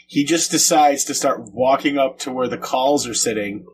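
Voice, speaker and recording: A man's voice: mid-range voice, normal speed, a little hiss or hum. A man co-hosting a book-club podcast in casual chat, blunt and crude, laughing as he retells scenes. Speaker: podcast co-host.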